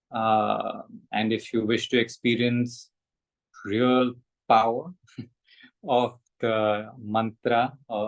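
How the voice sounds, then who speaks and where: A man guiding a mantra meditation, soft-spoken, often checking in with "right?". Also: mid-range voice, rough recording. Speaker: meditation facilitator. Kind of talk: guided meditation and mantra teaching.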